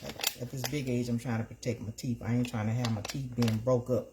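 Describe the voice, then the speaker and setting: A woman's voice: rumbling low, fairly even intonation, a little fast. A middle-aged woman hosting a casual live stream from her kitchen, talking to her viewers in a chatty, repetitive way. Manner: chatty, talks to the chat as "y'all", repeats herself. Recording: noisy home stream with crinkling.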